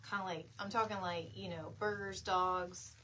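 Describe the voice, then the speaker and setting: A woman's voice: fairly low pitch, fairly even intonation, normal speed, pushed and bright, slight background noise. A middle-aged woman hosting a live home-decor stream, chatting in a rambling, friendly way and answering viewer comments as she works. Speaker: DIY live stream host. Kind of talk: casual chat while crafting on a live stream. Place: home craft space, indoors.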